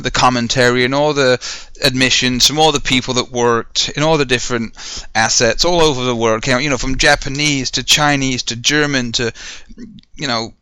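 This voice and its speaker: Heated, sharp-voiced man ranting. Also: medium pitch, clear, resonant tone, no echo. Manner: heated, profane, rhetorical questions. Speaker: podcast host. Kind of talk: ranting solo monologue.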